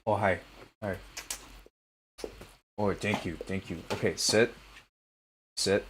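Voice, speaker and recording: Relaxed, low-voiced man chatting on a stream. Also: takes it slowly, background noise. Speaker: music producer streaming live. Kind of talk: casual livestream chat. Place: at home.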